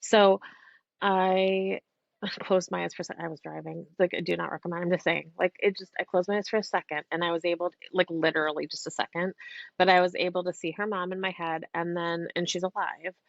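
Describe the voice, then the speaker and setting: A woman psychic medium, a podcast guest, telling a story in a chatty, animated way, now and then swearing casually. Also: on the low side, a little fast, vocal fry, no room sound. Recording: dull, dry lo-fi podcast audio.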